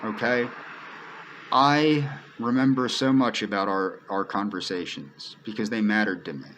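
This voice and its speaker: A man speaks straight to camera in an earnest, pleading personal monologue. His voice sits on the low side, and he circles back to the same points again and again. A faint hiss runs under the recording. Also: a little slow, a bit bright, low-quality recording. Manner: earnest, pleading, repeats himself often. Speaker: video creator.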